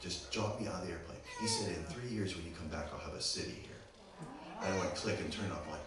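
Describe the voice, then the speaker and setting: A man's voice: low voice, brisk. A man from Pittsburgh with a Pittsburgh accent, a guest preacher telling a story in a sermon and checking in with the congregation often. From Pittsburgh, USA. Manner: animated, keeps checking in with the audience. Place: church sanctuary. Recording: very echoey church, distant mic, background noise.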